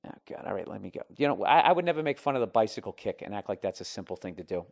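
Guy, comedy podcast host, foul-mouthed ranter, loud flare-ups and mumbled asides. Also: on the high side, very animated, fast talker, few pauses. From United States. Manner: profane, swings between loud outbursts and mumbled asides. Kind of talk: ranting comedy podcast, reading listener emails.

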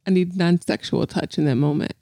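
Tired woman with a gravelly voice. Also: lowish voice, a little fast, dark tone, no echo, studio quality. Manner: playful, teasing. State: tired, yawning. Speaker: podcast co-host. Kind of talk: casual chat.

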